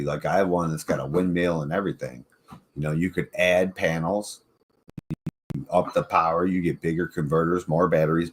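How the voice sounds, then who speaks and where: A man's voice: sits low, a little hiss or hum. A man hosting a casual chat, rambling, swearing freely and laughing often. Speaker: podcast host.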